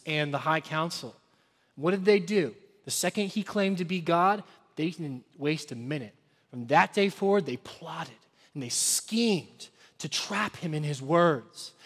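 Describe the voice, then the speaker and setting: A man preaching a sermon as pastor, building to loud intensity and dropping to hushed whispers. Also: on the high side, long reverb tail.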